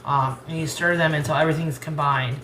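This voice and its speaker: A woman's voice: deep voice, steady tone, fairly quick, fairly bright tone, reverberant, slight background noise. An American woman with a rural Southern accent, chatting casually and rambling as she cooks in her home kitchen, laughing easily. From United States. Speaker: cooking channel host.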